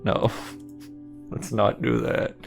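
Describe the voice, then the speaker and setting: A man's voice: drawn-out words, faint music behind. A man reading aloud and commenting sardonically on a text adventure game as he plays it. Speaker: gaming streamer.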